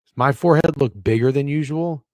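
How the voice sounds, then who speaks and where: Over a video call, a young podcast co-host with a somewhat high voice talks a little fast on a laid-back sports betting show. Cursing and cracking jokes, he gets flustered by camera trouble. The sound is dry and clean, like a studio.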